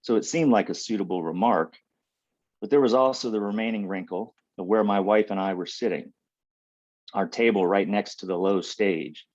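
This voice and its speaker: A man from Ohio reading his own poems on a video call, in a dry, unhurried voice. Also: fairly low pitch, darkish tone, dry recording, dull audio. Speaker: poet reading. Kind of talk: poetry reading.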